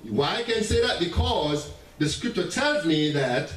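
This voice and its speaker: High-voiced preacher in an echoey church. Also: male voice, unhurried. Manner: animated preaching, laughing asides, stammering restarts. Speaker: pastor. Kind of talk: sermon. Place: church sanctuary. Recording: echoey church room heard from a distance.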